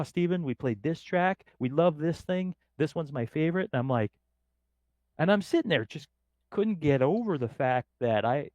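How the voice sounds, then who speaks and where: Middle-aged guy from up north in canada telling a story on a podcast, animated, does little voices for people, mid pitch, dry sound. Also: dry recording, lo-fi sound. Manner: lively, acts out quoted voices in his anecdotes. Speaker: podcast guest. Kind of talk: casual storytelling.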